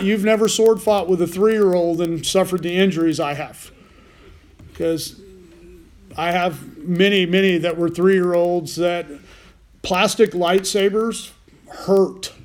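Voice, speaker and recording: Male pastor, higher voice, folksy sermon with jokey asides and restarts. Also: darkish tone. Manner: folksy, self-deprecating asides with frequent restarts.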